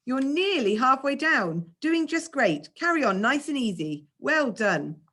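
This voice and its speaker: A woman's voice: high-pitched, very animated, a little slow, bright, forceful tone, voice pushed up, heavily acted. A woman reading aloud, voicing a patient, encouraging male climbing instructor who coaxes a frightened child. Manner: coaxing, reassuring.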